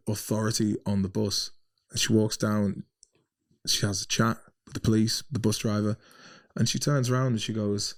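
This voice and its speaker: Irish man, swearing, casual storytelling, podcast guest. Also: lowish voice. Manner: swearing, animated anecdotes.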